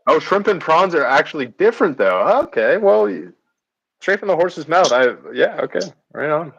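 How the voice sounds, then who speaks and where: A man's voice: fairly high pitch, animated, moderate pace, vocal fry, husky, dull audio. A man chatting casually on his pottery stream, joking and laughing often as he rambles along. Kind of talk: casual chat while doing pottery. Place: home pottery space.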